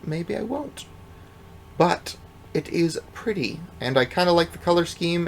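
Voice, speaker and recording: A man's voice: medium pitch, a little hiss or hum. A man giving casual, rambling commentary over his gameplay, offhand and self-deprecating, with the odd swear. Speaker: let's play gamer.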